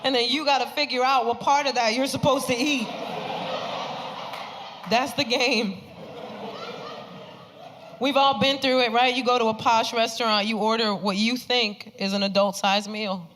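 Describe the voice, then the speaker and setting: A Puerto Rican woman in her thirties performs stand-up on a comedy club stage, animatedly acting out the people she describes in exaggerated voices. Her voice is on the high side at a moderate pace with frequent pauses. The live recording has reverb, background noise and audience laughter.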